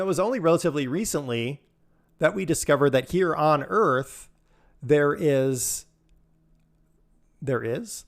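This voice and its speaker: Male streamer, casual live chat while gaming, rambling and laughing a lot. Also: medium pitch. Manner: rambling, chatty, laughs often, answers chat.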